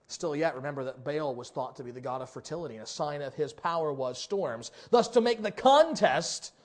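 A preacher with a very high voice delivers a sermon, acting out the people he quotes. He swings from loud, shouted lines to quiet, drawn-out ones. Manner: dramatic, voices characters, swings from loud to hushed. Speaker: pastor.

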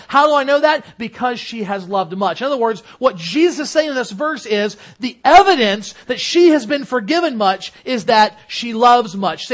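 Male pastor, middle-aged, high-pitched, preaching with rising and falling force. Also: lively intonation, moderate pace, few pauses. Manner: earnest preaching, swelling louder on key lines then dropping low. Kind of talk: sermon.

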